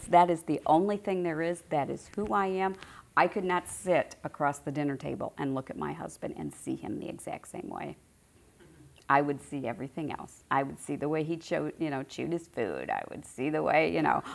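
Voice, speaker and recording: A woman's voice: low-pitched, gravelly, fairly bright tone. A middle-aged woman giving an informal spiritual teaching to a group, conversational and repeating phrases for emphasis.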